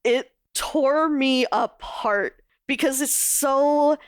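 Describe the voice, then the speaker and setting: Woman co-host, casual and emotional, cursing freely; bright higher register, clean dry sound. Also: drawn-out words, no room sound. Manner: animated, swears often, emotional retelling. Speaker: podcast co-host. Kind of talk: casual book discussion.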